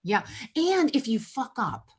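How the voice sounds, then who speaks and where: A woman therapist hosting a casual podcast chat, candid and animated, swearing freely as she tells stories. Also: a little high, unhurried, breathy edge.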